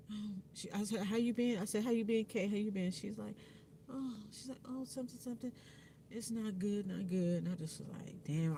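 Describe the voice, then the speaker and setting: Candid, profane woman vlogger, low-pitched. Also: darkish tone, slight background noise. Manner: candid, frank and profane, with frequent fillers and laughs. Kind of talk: casual personal vlog talk.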